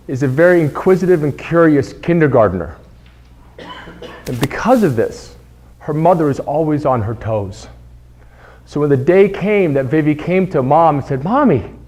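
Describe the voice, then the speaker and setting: A man's voice: on the high side, slight background noise. A man giving a prepared club speech, telling a story and acting out the voices of the people in it. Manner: animated storytelling, acts out quoted voices. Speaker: club speaker.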